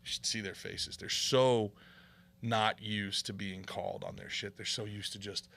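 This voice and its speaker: A man's voice: lowish voice, steady tone, a little slow, creaky, a bit bright. A man hosting a podcast, delivering a heated, profane comedic rant with mocking impressions. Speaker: podcast host.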